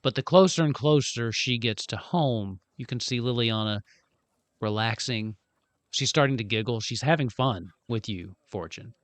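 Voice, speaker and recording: A man's voice: medium pitch, moderate pace, no echo. A man narrating a tabletop game as game master, describing scenes in a loose, rambling way. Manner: relaxed, rambling descriptions with fillers.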